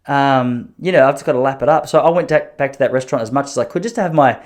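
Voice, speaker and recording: A man hosting a podcast, telling long self-mocking stories in an animated way, with frequent restarts. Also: medium pitch, quick pace. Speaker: podcast host. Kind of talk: storytelling podcast chat.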